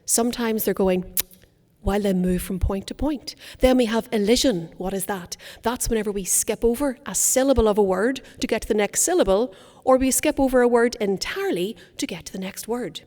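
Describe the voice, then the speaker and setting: Crisp woman coaching in a reverberant hall. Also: on the high side, fairly quick, a little mellow. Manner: crisp, clearly enunciated, theatrical emphasis. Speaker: speaking coach. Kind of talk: conference workshop talk. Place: conference hall.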